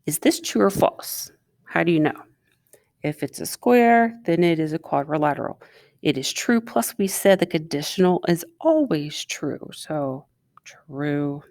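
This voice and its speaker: A woman's voice: fairly low pitch, animated, moderate pace, darkish tone, dry recording, studio quality. Chatty woman teaching a math lesson. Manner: chatty, asks students questions while writing.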